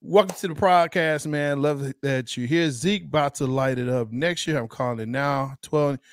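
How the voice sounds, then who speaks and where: A man co-hosting a casual sports podcast, animated and teasing, laughing often. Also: mid-range voice, moderate pace, smooth, no room sound, clean studio sound. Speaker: podcast co-host.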